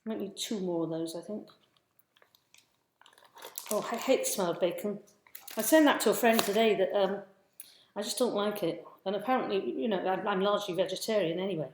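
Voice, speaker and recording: A woman's voice: mid-range voice, a little fast, pauses often, heavy reverb, slight background noise. A woman hosting a casual live cooking stream from her home kitchen, chatting to viewers while she cooks. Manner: chatty, scattered, greets viewers mid-task. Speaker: cooking livestream host.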